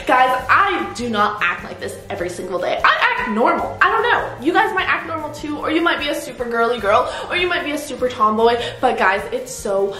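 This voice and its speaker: Brief: young woman vlogger, high and very lively, gushing girly prank voice, echoey home room. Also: a little fast, hardly any pauses. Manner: exaggerated girly, gushing and whiny. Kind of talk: prank vlog, talking to camera. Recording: roomy echo.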